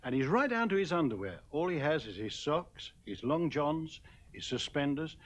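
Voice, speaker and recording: A man in an interview, recalling a friend through a slowly built anecdote with a relaxed storyteller's manner. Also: on the high side.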